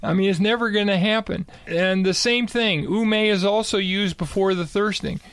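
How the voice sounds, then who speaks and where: A man's voice: high-pitched, moderate pace, fairly bright tone, smooth, no echo. An older man co-hosting a casual Bible discussion, talking emphatically and repeating key words for stress. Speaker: co-host.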